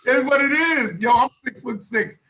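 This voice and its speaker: A man from Northern Illinois, a guest on a podcast, telling stories in animated casual talk with bursts of loud laughter. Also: extremely high pitch, moderate pace, gravelly. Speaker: guest rapper.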